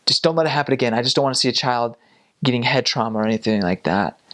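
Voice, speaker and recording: Animated young man telling a story. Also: mid-range voice, quick pace. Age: young adult. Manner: animated, laughing, acts out quoted voices. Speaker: former missionary telling a story. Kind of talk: casual storytelling vlog.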